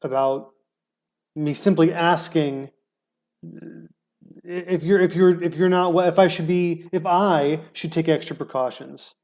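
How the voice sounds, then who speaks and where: A man co-hosting a podcast, bickering in casual chat, animated and teasing, stumbling over quick restarts. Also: on the high side. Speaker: podcast co-host.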